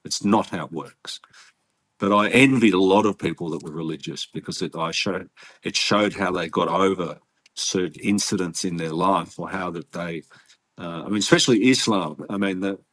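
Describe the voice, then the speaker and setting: Earnest Australian man, slightly low voice. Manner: earnest, halting storytelling with frequent restarts. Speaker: interview guest. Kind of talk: casual interview conversation.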